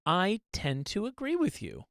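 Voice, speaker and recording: A man's voice: sits high, wildly swooping pitch, a little slow, fairly bright tone, no room sound, clean studio sound. A man co-hosting a casual live stream, mostly agreeing and chiming in with short remarks.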